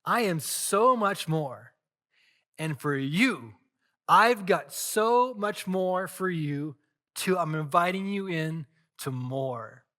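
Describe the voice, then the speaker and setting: Man playing calm reassuring divine voice, gentle, deliberate, slightly high, bright. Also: full character voice.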